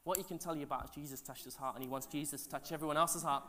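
A man, a pastor telling stories in a sermon, animated and chatty with asides to the congregation, his voice swinging from loud to hushed. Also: a little high, very fast. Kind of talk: sermon storytelling.

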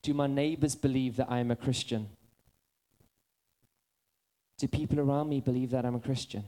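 A male preacher delivering a sermon with a middle-pitched voice. He tells self-mocking stories with lively energy, then softens into quiet, earnest appeals. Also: moderate pace. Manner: animated storytelling, drifting into soft earnest appeals.

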